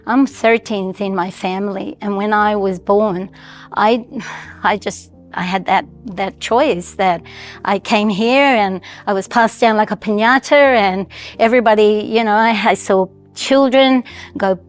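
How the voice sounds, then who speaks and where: A woman in her sixties with a Colombian Spanish accent and a slight American twang speaks in a reflective, heartfelt way, pausing and restarting as she gathers her thoughts. Her voice sits at an ordinary middle pitch, with soft music faint in the background. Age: 60s. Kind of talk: personal storytelling.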